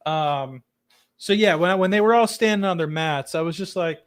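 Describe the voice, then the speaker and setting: Chatty higher-voiced male podcast host. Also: normal speed, smooth. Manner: chatty, rambling with many fillers. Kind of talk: casual chat.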